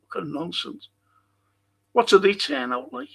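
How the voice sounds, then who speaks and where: Gravelly, husky man ranting slowly. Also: very high voice, lively intonation. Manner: angry, sweary, rambling. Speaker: football fan show host. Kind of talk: ranting live-stream monologue.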